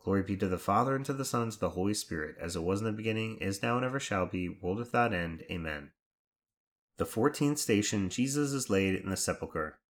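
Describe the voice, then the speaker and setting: A man leading devotional prayers and reflections in a measured, reverent recitation. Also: fairly low pitch, lively intonation. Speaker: prayer leader.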